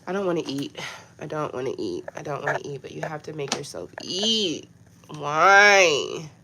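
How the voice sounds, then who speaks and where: A woman's voice: low-pitched, sing-song, moderate pace, background noise. A woman hosting a casual livestream, chatting directly to her viewers in a talkative, frustrated way. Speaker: livestream host. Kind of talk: casual live chat with viewers.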